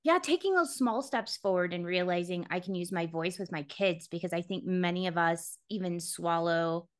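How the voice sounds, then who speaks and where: Woman, podcast host, lower pitch, thoughtful, affirming, conversational. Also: normal speed. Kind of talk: casual conversation.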